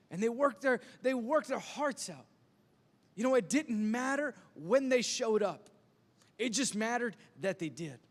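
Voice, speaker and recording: A man's voice: extremely high pitch, lively intonation, measured pace, in a large hall. A man preaching a sermon as pastor, telling self-deprecating stories with lots of stammered restarts. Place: church sanctuary.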